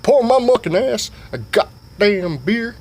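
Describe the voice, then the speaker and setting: A man's voice: high voice, very animated, measured pace, voice pushed up, heavily acted. A man voicing a hot-tempered hillbilly father who keeps threatening with his belt and taunts in repeats. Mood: bullying. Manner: bullying, taunting, repeats himself.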